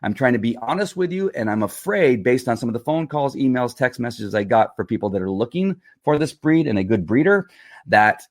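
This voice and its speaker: A man's voice: mid-range voice, animated, brisk, dry recording, clean studio sound. A middle-aged man, a dog trainer, talking earnestly and a bit rambling on a live stream, answering viewer comments.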